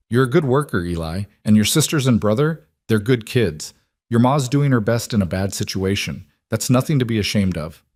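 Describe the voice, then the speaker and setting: Low-voiced man narrating a western. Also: a little mellow, no room sound, studio quality. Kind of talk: scripted narration of a western story.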